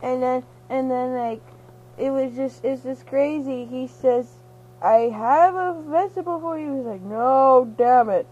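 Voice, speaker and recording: A woman's voice: high-pitched, measured pace, mellow, husky, muffled recording. A young woman, half-asleep and giddy, rambling through a silly retelling of a movie, giggling and acting out the characters' lines. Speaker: storyteller.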